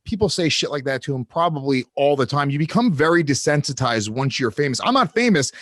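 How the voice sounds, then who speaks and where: A man's voice: on the high side, big pitch swings, brisk, fairly bright tone, no echo, clean studio sound. A man co-hosting a podcast, talking loosely and profanely with some rambling. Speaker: podcast co-host. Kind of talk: casual podcast chat.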